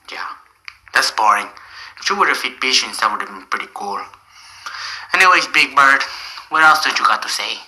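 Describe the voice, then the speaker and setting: A man's voice: mid-range voice, lively intonation, a little fast, sharp tone, low-quality recording. A man acting in a comedy sketch as a rude, dismissive fake therapist who mocks his patient.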